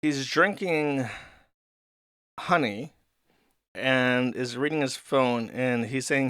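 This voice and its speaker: Male host, crude and rambling, smooth and clear voice, dry close mic. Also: medium pitch, slow, bright, forceful tone, no echo. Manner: rambling, crude and sardonic, with fillers. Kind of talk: comedic commentary reading a comic.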